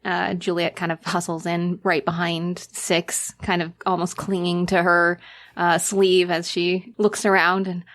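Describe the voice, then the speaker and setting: A woman game master narrating a tabletop horror game in an unhurried way, with fillers. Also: on the low side, level tone, fairly bright tone.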